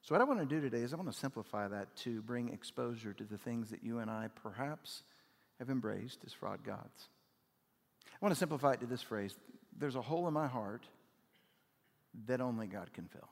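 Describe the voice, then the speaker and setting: Pastor with swings from loud to hushed. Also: male voice, animated, normal speed, long pauses. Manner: builds to loud emphatic peaks, then drops low and quiet; conversational, with "like" fillers and audience questions. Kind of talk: sermon. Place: church auditorium. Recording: long hall reverb.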